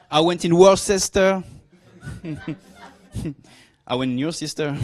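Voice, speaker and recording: Against a noisy background, a Frenchman in his forties performs stand-up, needling the crowd with mock arrogance. His voice sits fairly high for a man, he draws out his punchlines, and he's plainly enjoying himself.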